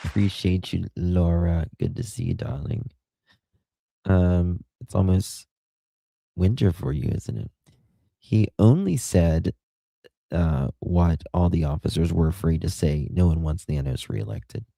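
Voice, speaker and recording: A man's voice: low voice, unhurried, gravelly, dark tone, no echo. A man with a Southern US accent hosting a casual livestream, chatting and greeting viewers by name as he reads their comments. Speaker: livestream host.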